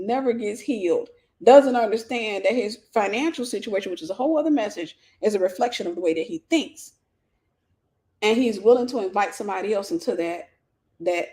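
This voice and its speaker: A middle-aged woman preaching live, her coming through as she drives points home by repeating them. She slips into quoted voices and keeps an animated, conversational pulpit manner. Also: mid-range voice. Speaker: pastor and teacher. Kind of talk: livestreamed sermon.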